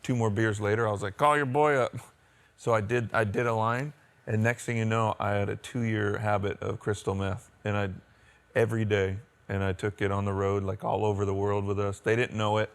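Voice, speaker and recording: Man, American accent, fairly low voice, rambling storyteller, casual interview. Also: level tone, a little fast, smooth. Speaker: band member.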